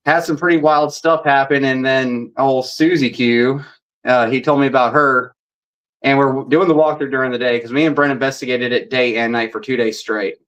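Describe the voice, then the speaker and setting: A male paranormal investigator, appearing as a guest, tells stories casually in a chatty, rambling, animated way and reenacts dialogue. His voice is medium in pitch, and the audio is poor.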